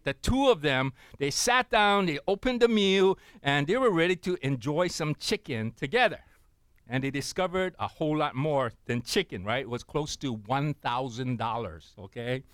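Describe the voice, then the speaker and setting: A man preaching a sermon in a storytelling way. His voice sits fairly high and swings widely in pitch. The sound is dry and close, with no room echo. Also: a bit bright. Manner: storytelling preacher, asks the crowd "right?" and "amen?". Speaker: pastor.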